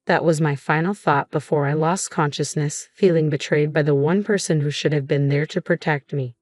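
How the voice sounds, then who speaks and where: A woman reading a scripted first-person story in an even, measured way. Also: sits low, no echo, studio quality. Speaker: narrator.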